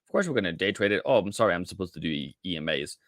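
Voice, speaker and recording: A man's voice: deep voice, sing-song, rapid-fire, fairly bright tone, no echo, clean studio sound. A man hosting a casual live trading stream, chatting directly with viewers and calling them mate and brother. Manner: chatty, addresses viewers directly, many restarts.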